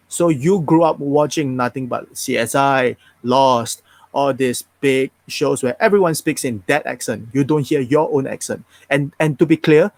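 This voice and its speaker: Guest role: young man, neutral Singaporean English accent, frank, lively chat with restarts, dry close mic. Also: mid-range voice, no room sound. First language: Mandarin. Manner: frank, animated, many restarts. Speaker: guest actor. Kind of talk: casual interview chat.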